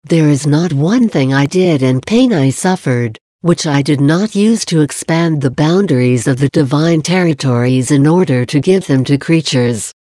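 Low dark-toned Jesus, tender and earnest, as a woman reads him aloud. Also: animated, normal speed, hardly any pauses, no echo, clean studio sound. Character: Jesus, gentle loving male divine speaker. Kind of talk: devotional reading.

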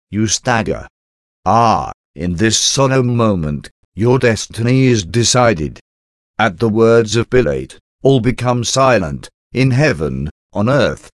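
Man, low voice, slow devotional reading, dry close sound. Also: no echo. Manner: slow, solemn, prayerful. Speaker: devotional reader.

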